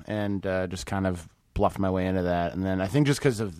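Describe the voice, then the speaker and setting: A man's voice: deep voice, fast, smooth, no echo. A man in his thirties telling stories in casual podcast chat, laughing often and swearing freely. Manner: lively storytelling with frequent laughs and swearing. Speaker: comedian guest.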